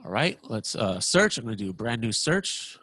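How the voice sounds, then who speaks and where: A man presenting a software walkthrough lesson, talking excitedly and stammering when surprised. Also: mid-range voice, moderate pace, slightly rough, no room sound.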